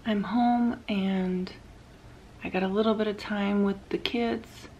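A woman's voice: medium pitch, steady tone, takes it slowly, a little mellow, dull audio, slight background noise. A woman in her thirties recording a personal video diary, speaking openly and emotionally, tearful at times. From California. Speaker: vlogger sharing her cancer journey.

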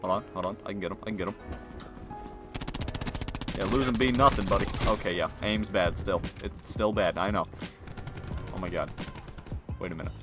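A young man commentating his own gameplay in a casual, slangy way, muttering to himself and then yelling at the game. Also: low voice, moderate pace, pauses often. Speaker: gaming video creator. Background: game music and gunfire.

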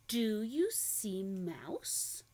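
A woman's voice: medium pitch, very animated, very slow, dark tone. A young woman reading a picture book aloud to preschoolers, asking the listener questions and making animal noises. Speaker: children's storyteller.

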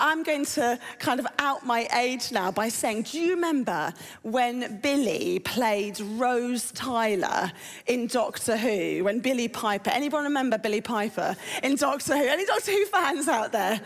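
A woman preaches to a congregation in an easy, conversational way and keeps putting questions to them. Her voice sits fairly high. The sound rings out with a long reverb in a big church hall. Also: lively intonation, a little slow. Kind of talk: sermon. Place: church auditorium.

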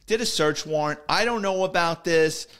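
A man voicing a petty, heavyset male police lieutenant in a higher, whiny, resentful tone. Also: huge pitch swings, fast talker, a bit bright. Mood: aggrieved.

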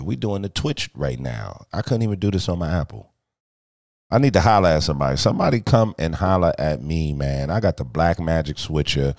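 A male streamer with a very low, booming voice that leaps all over the place as he rants and jokes. He swears freely, dropping from loud outbursts to low mutters. The recording is dry and close. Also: dry recording. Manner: animated and profane, swings between shouting and muttering. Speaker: streamer and host. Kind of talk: casual live-stream chat.

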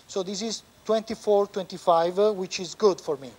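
A man with an Italian accent, a surgeon explaining a knee operation step by step as he works in the operating room, pausing often. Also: sits high, steady tone, darkish tone, slight background noise. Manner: explains step by step, halting with frequent pauses. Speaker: orthopedic surgeon. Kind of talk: live surgical teaching demonstration.

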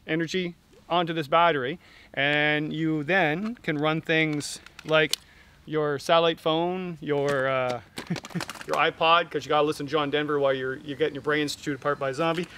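A middle-aged Canadian man reviewing camping gear outdoors at a campsite, making jokey deadpan asides between many fillers. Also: fairly high pitch, normal speed, clear, resonant tone. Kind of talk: joking gear review vlog.

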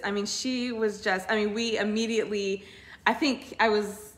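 At normal speed and medium pitch, a co-host in her thirties recounts her faith testimony. She tells it casually but with real emotion, earnestness, and animation.

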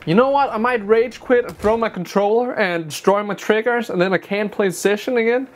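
A gameplay streamer talks a little fast in a high voice while playing a skateboarding game. His let's-play commentary is full of frustrated exclamations and self-deprecating asides, captured on a noisy recording.

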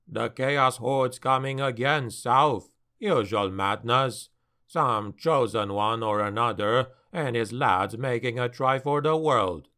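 A man's voice: mid-range voice, slow, bright, forceful tone. A man doing a blunt old dwarf sailor. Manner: blunt, matter-of-fact.

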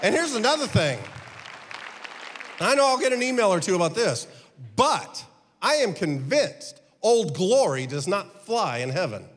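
Fifties male pastor, high lively voice, rhetorical sermon style, long church reverb. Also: measured pace, slightly rough, some chatter behind. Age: 50s. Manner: rhetorical questions, emphatic preaching.

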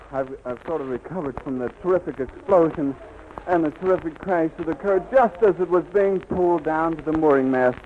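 A man giving a live on-the-scene radio report, with vivid, flowing eyewitness description on a 1930s disc recording. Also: fairly high pitch. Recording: dull, lightly hissy 1930s disc recording.

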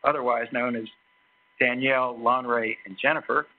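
A man giving a formal introduction of a guest speaker at a lecture, halting often with fillers and restarts. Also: medium pitch, fairly even intonation. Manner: hesitant, many fillers and restarts. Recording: tinny phone-like recording.

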